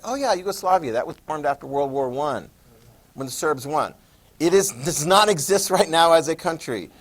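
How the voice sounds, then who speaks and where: A man teaching a history class, casual and joking, asking students questions. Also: on the high side. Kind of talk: classroom lecture.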